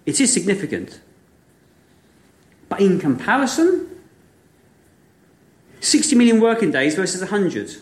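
Male preacher, slightly high voice, lively storyteller full of rhetorical questions; echoey room. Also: measured pace, pauses often. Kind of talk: sermon.

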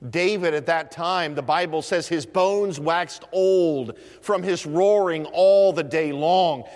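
A man preaching a sermon, swinging between loud, high proclaiming and hushed, low asides. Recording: long reverb of a church hall.

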